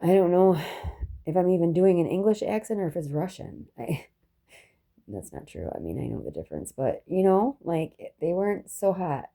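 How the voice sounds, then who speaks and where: A woman's voice: lowish voice, sing-song, normal speed, gravelly, warm tone. A woman telling a personal story in a rambling, reflective monologue, restarting often and dropping profane asides.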